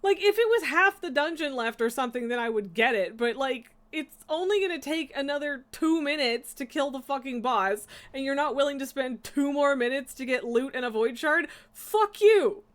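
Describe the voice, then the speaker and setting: A woman's voice: high voice, normal speed, few pauses, fairly bright tone. A young woman streaming a game, ranting in exasperation and laughing between swears. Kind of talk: casual live-stream rant while gaming.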